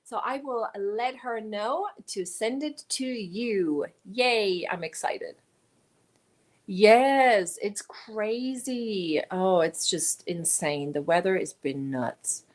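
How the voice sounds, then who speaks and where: In a mid-range voice and at a slow, easy pace, a woman runs a casual livestream. She reads her viewers' comments aloud, greets them by name, and thanks them.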